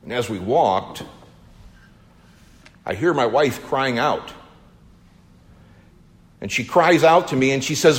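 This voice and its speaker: A man delivering a theatrical first-person monologue, slow and emotional, his voice rising in urgent swells. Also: fairly high pitch, expressive. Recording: long hall reverb.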